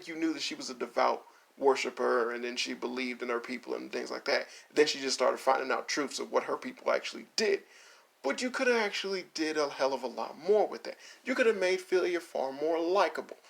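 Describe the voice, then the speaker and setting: A man's voice: on the high side, gravelly. A man in a casual, exasperated rant reviewing an anime, swearing and laughing as he mocks the characters. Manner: mocks characters in quick put-on voices. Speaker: video essay host.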